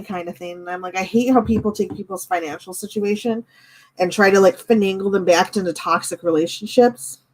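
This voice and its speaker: A woman's voice: mid-range voice, a little fast. A young woman venting casually on a live stream, quoting an argument and talking with her chat. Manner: animated, quotes others in her own voice.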